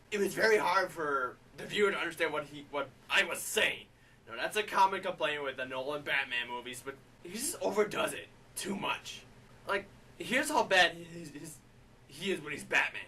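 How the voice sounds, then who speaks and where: A man giving a gushing, excitable comedic movie review in character. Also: on the high side, creaky, distant mic, background noise.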